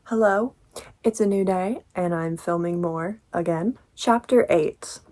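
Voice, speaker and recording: A woman's voice: lowish voice, a little slow, darkish tone. A woman in her twenties talking casually through a book review, chatty and exasperated, with lots of filler words.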